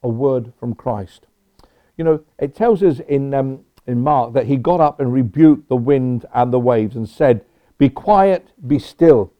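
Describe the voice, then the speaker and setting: A man's voice: medium pitch, unhurried. A man preaching a sermon in a conversational way, with personal asides. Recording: dull lo-fi recording.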